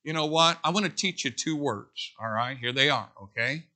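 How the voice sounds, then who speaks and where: A man preaching from the pulpit. His tone is very bright and forceful. He talks in a folksy way and climbs to loud, emphatic peaks. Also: medium pitch, moderate pace. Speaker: pastor. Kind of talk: sermon.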